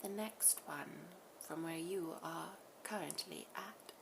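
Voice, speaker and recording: A woman voicing a calm, loving collective spirit in a channeled message, speaking slowly and softly in half-whispers. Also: low voice, vocal fry, noisy background, heavily acted. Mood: tender, soothing. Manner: slow, soft, often half-whispered affirmations.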